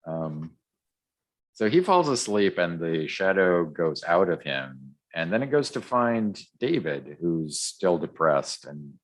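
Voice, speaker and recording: This man's extremely low, slightly bright voice comes through a podcast microphone as he co-hosts, rambling casually through a comic recap with many ums and restarts.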